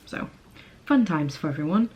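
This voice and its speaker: A woman's voice: low-pitched, animated, normal speed, background noise. A young American woman chatting through a makeup tutorial on her home camera, rambling and laughing at herself, full of "like". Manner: rambling, giggly, self-mocking, lots of "like". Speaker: beauty vlogger. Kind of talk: casual makeup tutorial chat.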